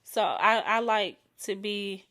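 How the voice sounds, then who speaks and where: A young woman hosts her own podcast in a loose, candid solo chat. Her voice sits in a middle pitch, and she speaks frankly and playfully, often slowing and dropping softer on intimate words. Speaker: podcast host.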